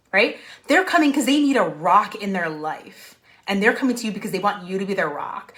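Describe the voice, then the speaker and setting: Casting: upbeat young woman business coach, live-streaming from home, punchy and encouraging, mid-range voice. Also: medium pitch. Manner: energetic, repeats "right?", laughs. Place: home room.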